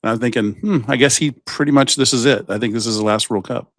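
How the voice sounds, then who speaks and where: A man's voice: mid-range voice, fast talker, fairly bright tone, no echo, studio quality. A man co-hosting a podcast, giving sports takes in casual chat with lots of false starts. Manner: chatty, breaks off and restarts a lot. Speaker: podcast co-host.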